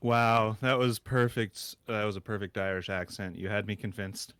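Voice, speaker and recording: A laid-back man chatting as a player in a tabletop game over an online call. His voice is smooth and resonant. The sound is dry and close. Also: on the low side, steady tone, normal speed, fairly bright tone, no room sound. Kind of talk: casual game chat.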